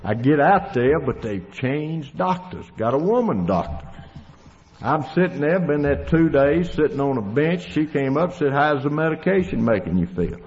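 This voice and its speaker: In a reverberant hall, captured on a dull lo-fi recording, a man with a Tennessee Southern accent tells his recovery story as a plainspoken, folksy testimony. His voice is fairly high and darkish, with lively intonation and a slightly slow delivery.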